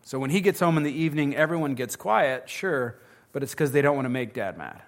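A man's voice: mid-range voice, expressive, a little fast. Earnest man teaching a parenting seminar. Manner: conversational, joking, earnest. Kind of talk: live seminar talk.

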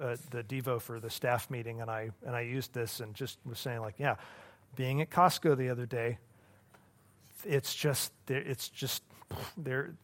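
A man pastor leading a Bible study, talking earnestly in a halting, conversational way with many restarts. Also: mid-range voice.

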